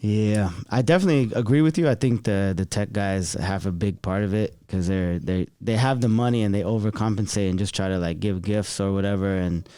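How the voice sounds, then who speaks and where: Guest comedian: American guy, smooth and dry studio sound, slangy and animated. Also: on the low side, fairly quick, hardly any pauses, dry recording. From San Jose area, California. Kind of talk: casual podcast chat. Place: podcast studio.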